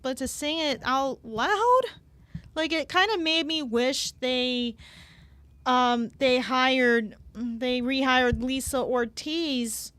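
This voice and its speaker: A woman talking as a guest on a casual gaming podcast, halting and full of fillers and repeated words. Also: high-pitched, fairly bright tone, clear, resonant tone, no room sound.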